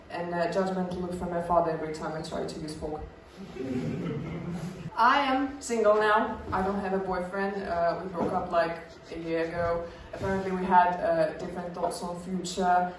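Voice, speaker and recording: A woman's voice: fairly low pitch, heavy reverb, distant mic, a little hiss or hum, low-quality recording. A young woman from Russia with a British accent, a stand-up comedian doing her set in a chatty, self-mocking way, full of small fillers.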